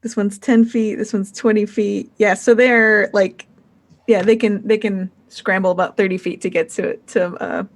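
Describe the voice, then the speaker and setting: A woman's voice: medium pitch, steady tone, moderate pace. A woman narrating as game master of a tabletop game, rambling with many fillers.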